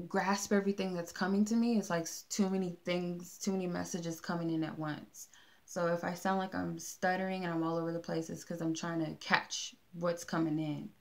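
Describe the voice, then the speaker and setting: A woman's voice: fairly low pitch, darkish tone. A woman giving a casual tarot card reading, talking in a meandering way with many fillers and restarts. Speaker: tarot reader.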